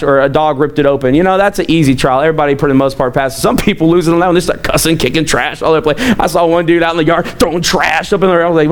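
High-voiced storytelling preacher. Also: male voice. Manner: animated storytelling, acts out quoted voices, chuckles often. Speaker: pastor. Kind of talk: sermon.

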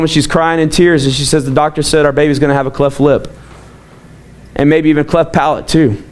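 A man in his thirties preaching a sermon as a pastor, telling personal stories in an animated way with frequent restarts. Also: a little high. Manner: animated, storytelling, repeats words.

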